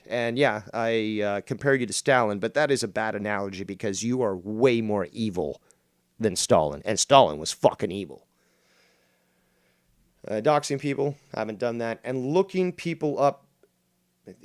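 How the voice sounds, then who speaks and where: A man streaming a rant in reply to a critic, combative, boastful and full of profanity. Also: mid-range voice. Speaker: streamer reacting to a critic's videos. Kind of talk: ranting commentary.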